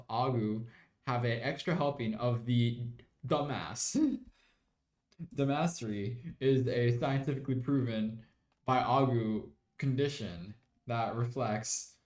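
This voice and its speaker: A man's voice: mid-range voice, a little mellow, roomy sound. A young man streaming a game, chatting in a rambling way and slipping into mock British slang. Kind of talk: casual live-stream chat while gaming.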